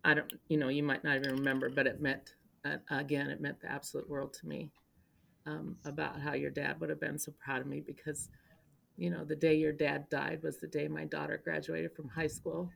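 An older woman, a longtime local government official, tells stories in a podcast interview recorded indoors. She's lively and emotional, acting out quotes with animation, and her gravelly voice sits low and runs a little fast.

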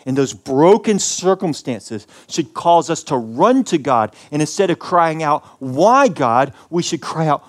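A male pastor from the American South delivering a sermon, preaching with passion and sweeping from loud peaks to hushed lines. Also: fairly high pitch, animated, a little slow, hardly any pauses. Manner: impassioned preaching with big swings in loudness.

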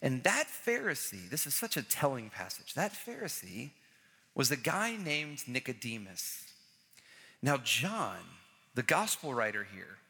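A man preaching a sermon as pastor, animated and repeating key phrases, acting out the people in the story. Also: fairly high pitch, slightly rough. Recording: large hall with long reverb.

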